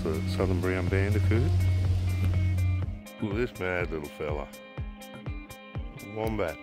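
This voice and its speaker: An Australian man vlogging outdoors in the bush with casual, enthusiastic commentary on wildlife and views. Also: fairly low pitch. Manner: enthusiastic, keeps calling things mad and magic. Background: guitar music.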